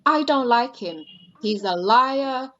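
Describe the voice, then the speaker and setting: A woman's voice: on the high side, expressive, slow, sharp tone. A woman chatting casually as a podcast guest, blunt and outspoken, swearing freely. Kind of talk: casual chat. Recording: dull lo-fi sound.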